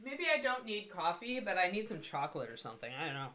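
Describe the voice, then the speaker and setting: The host of this live miniature painting session, a middle-aged woman, speaks fast in a fairly low, sing-song voice with a sharp tone. She chats away self-deprecatingly, narrating her steps and dropping in scattered asides.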